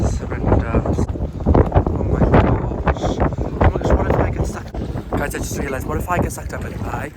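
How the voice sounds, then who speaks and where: A young man vlogging outdoors at a flooded holiday park with a phone camera, talking in an excitable, dramatic way. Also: medium pitch. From Wales. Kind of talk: casual vlog. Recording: loud wind noise on phone mic. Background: loud wind and water noise.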